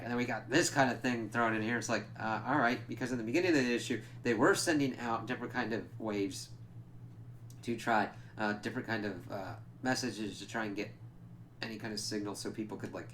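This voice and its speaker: Casual male comic reviewer, fairly low voice, loose and rambling delivery full of fillers, drops the odd swear, faint hum in the background. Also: fairly quick, a bit bright. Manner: rambling, heavy on "like" and "kinda" fillers.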